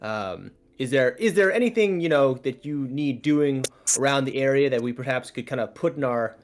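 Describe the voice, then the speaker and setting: A man's voice: medium pitch, expressive, a little hiss or hum, lightly acted. A man voicing his polite adventurer character, negotiating with many hesitations and overly courteous phrasing. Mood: smooth-talking. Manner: halting, overly courteous diplomacy.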